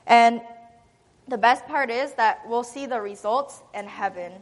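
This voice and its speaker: A woman giving an earnest spoken testimony, pausing with fillers now and then. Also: fairly high pitch, big-room sound. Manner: earnest, with some hesitant fillers.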